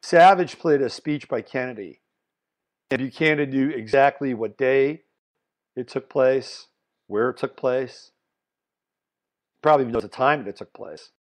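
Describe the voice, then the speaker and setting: Blunt, animated man talking politics. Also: medium pitch, a little slow, long pauses. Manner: animated, blunt, swings between loud emphasis and muttered asides. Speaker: podcast host. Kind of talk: solo political commentary.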